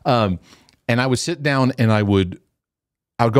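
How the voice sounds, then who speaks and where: A man's voice: medium pitch, normal speed, no echo, clean studio sound. A middle-aged man, a former youth pastor, telling stories in casual teaching talk and acting out the quotes. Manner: animated storytelling with acted quotes and restarts.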